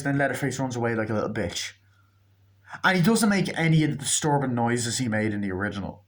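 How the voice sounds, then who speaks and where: A man's voice: medium pitch, fairly quick. Profane ranting man reviewing a movie. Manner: blunt, profane ranting with many restarts. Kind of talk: casual spoken review.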